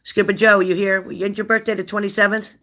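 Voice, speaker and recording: With a high, level, bright voice and a forceful tone, a middle-aged man talks a little fast while hosting a casual livestream. He reads viewer comments, teases the chat, and repeats his questions, and a faint hiss or hum runs underneath.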